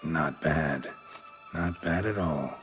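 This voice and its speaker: An actor playing a gruff, terse male monster hunter in a video game, with dry, clipped, understated lines. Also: a bass voice, takes it slowly, fairly bright tone, heavily acted. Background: game music.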